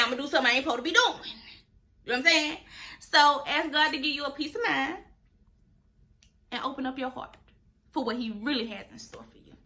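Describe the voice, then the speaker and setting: Bright-voiced emphatic woman podcaster. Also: high voice. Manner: preachy, emphatic, talks to listeners directly. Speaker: podcast host. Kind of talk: casual advice talk.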